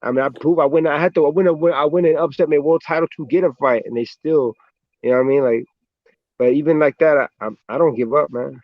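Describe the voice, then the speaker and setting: An American boxer tells his stories in a relaxed, easygoing way, swearing freely and ending lines with "man". His voice sits at a mid pitch and sounds close and dry. It comes through the dull, muffled sound of a video call. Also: a little fast, dry recording. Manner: laid-back storyteller, swears a lot, says "man" often. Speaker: professional boxer, interview guest. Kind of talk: casual interview chat.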